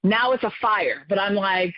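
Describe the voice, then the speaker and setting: A woman in her forties tells a personal story with lively, expressive delivery and sudden leaps in pitch. Her voice sits in a middle register. The recording is dry and a little dull and lo-fi. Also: moderate pace, dry recording. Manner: expressive, acts out quotes with big pitch jumps. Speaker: podcast guest.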